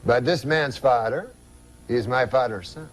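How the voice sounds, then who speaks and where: A man voicing an excitable uncle with a French-Canadian accent. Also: mid-range voice, a little slow, pitched below the performer's own voice, natural voice. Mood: excited. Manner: exclamatory, eager.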